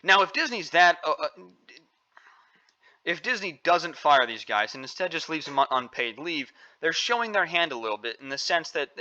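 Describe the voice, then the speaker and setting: A man's voice: mid-range voice, pushed and bright, muffled recording. A man giving opinionated, indignant news commentary, stressing points by repeating phrases. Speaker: commentary vlogger.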